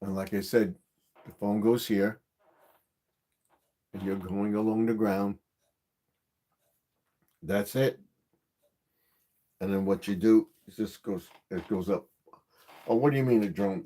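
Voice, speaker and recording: A man's voice: lowish voice, measured pace, pauses often, warm tone. A man hosting a gardening channel's live stream, explaining equipment in a casual, repetitive way with many fillers.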